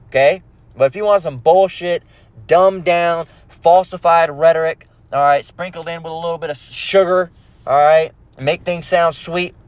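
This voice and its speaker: A man's voice: fairly high pitch, no echo, lo-fi sound. Brash, profane man ranting; dry close sound. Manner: aggressive, profane, repeats "all right?". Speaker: religious channel host. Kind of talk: ranting monologue.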